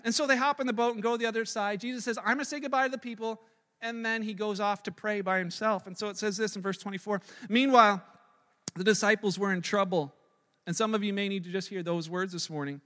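A man preaching a sermon as a pastor, animated and acting out the voices he quotes, often repeating words as he presses a point. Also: high-pitched, fast. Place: church sanctuary. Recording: long reverb of a large hall.

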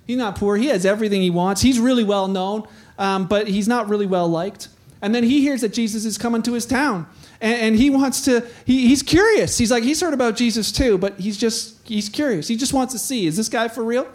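A male pastor giving a conversational sermon, telling the story with animated energy, chuckles and quick restarts. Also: high voice.

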